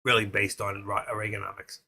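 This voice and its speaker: A man's voice: on the low side, level tone, brisk, creaky, pushed and bright. A man with a New York accent from Queens hosting a trading livestream, rambling and joking as he thinks aloud. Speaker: stock trading livestream host. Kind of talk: casual livestream chat.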